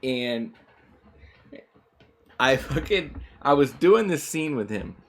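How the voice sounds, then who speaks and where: A man's voice: mid-range voice, lively intonation, slow. A man streaming a game, chatting casually and rambling, with lots of swearing, fillers and restarts. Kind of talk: casual chat while gaming.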